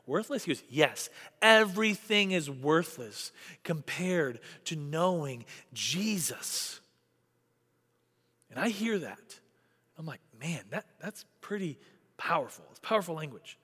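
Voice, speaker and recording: A man preaching a sermon as a pastor, emphatic, swinging between loud emphasis and quiet asides. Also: sits high, in a large hall. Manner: emphatic, rising and dropping dynamically.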